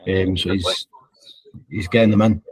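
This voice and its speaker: A man's voice: low voice, fairly even intonation, measured pace. A Scottish man co-hosting a running podcast, chatting casually with many fillers. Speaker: podcast co-host. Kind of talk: casual chat.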